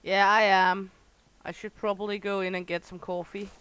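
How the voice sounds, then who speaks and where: A woman's voice: mid-range voice, level tone, moderate pace, fairly bright tone, clean tone, dry recording. A woman streamer chatting casually with viewers while playing a game, teasing regulars by name. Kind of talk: casual livestream chat with viewers.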